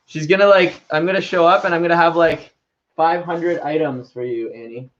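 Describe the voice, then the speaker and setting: A man's voice: fairly high pitch, normal speed, a bit bright. A young man chatting playfully in a casual vlog and reading his own writing aloud. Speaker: vlogger. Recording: slightly dull lo-fi sound.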